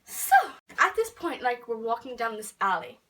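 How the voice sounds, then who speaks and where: A teenage girl telling a story in a casual vlog, chatty and full of fillers, dropping to whispers and then bursting out loud. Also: fairly high pitch, very animated, moderate pace, far from the mic. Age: teens. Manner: chatty, filler-heavy, swings between whispered asides and loud outbursts. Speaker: vlogger.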